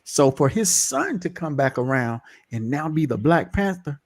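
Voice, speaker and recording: A man co-hosting a casual podcast talks in a playful, teasing way, full of slang. His voice sits a little high and swings widely in pitch as he jokes with the others. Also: very animated, normal speed, few pauses. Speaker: podcast co-host. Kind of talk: casual chat. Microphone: remote call microphone.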